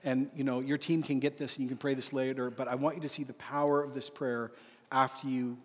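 A man's voice: mid-range voice, little pitch movement. A man preaching an earnest, emphatic sermon at a men's conference. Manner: earnest, emphatic, slows for a read-out prayer. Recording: live hall reverb, faint music.

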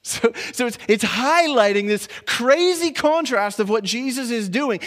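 A pastor preaching a sermon in a conversational way, dropping to hushed lines and rising to animated ones, with playful asides and restarts. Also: male voice, very high-pitched, normal speed, few pauses.

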